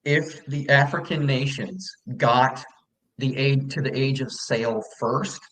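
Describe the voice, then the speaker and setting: A man's voice: mid-range voice, fairly even intonation, slow pace, fairly bright tone, poor audio. A man speaking as a guest on a talk show, hesitant and agreeable. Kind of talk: casual talk.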